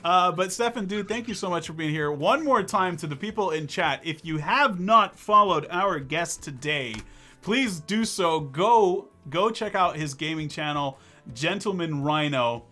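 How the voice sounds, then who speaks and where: A man running his own live-stream talk show, his voice pitched high and bright. He talks in a loose, rambling way and keeps jumping into jokes. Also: measured pace, soft background music. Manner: rambling, excitable, jokey. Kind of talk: casual live-stream chat.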